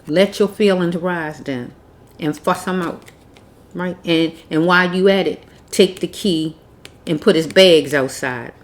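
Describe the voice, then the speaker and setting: A woman's voice: on the low side, measured pace. A woman giving a casual tarot reading, blunt and preachy, repeating herself as she scolds. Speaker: tarot reader.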